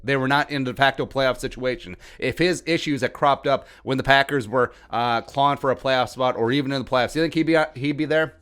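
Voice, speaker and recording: Male sports podcast host, young adult, heated and sarcastic, mid-pitched voice. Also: fairly quick, hardly any pauses, fairly bright tone, clean tone.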